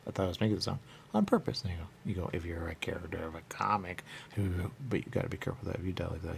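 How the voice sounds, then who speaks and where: A man with a very low, gravelly voice rambles through a loose monologue, circling back to the same catchphrases again and again. A faint hiss of noise sits under his voice. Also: a little mellow. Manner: repetitive, rambling, repeats catchphrases. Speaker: radio show host.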